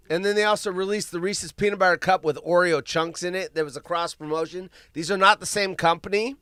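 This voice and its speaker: A man hosting a live show in casual chat, rambling and often bursting into yelling. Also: high voice, clean tone, no echo, studio quality. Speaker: podcast host.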